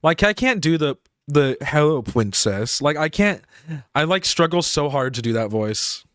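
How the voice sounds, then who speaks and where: A man's voice: on the high side, sing-song, moderate pace, fairly bright tone, clean tone, dry recording, clean studio sound. Rambling young man streamer. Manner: rambling, filler-heavy, laughs often. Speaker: game streamer. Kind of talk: casual live-stream chat.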